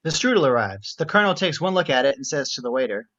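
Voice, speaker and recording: A man's voice: mid-range voice, big pitch swings, fast talker, a bit bright, lo-fi sound. A man reading stage directions at a script reading, adding wry, explanatory commentary. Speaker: narrator.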